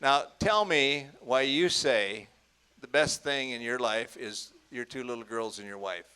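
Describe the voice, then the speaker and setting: A man's voice: medium pitch, measured pace, sharp tone, clean tone. A man hosting a student auction, joking and drawing out the people he calls up. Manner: hearty, joking, draws guests out. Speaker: auction school host.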